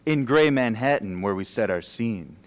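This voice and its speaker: A man's voice: fairly low pitch, expressive, moderate pace, clean tone, natural voice. A young man playing a troupe member who opens a school stage play, reciting in a theatrical way. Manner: theatrical, verse-reciting delivery.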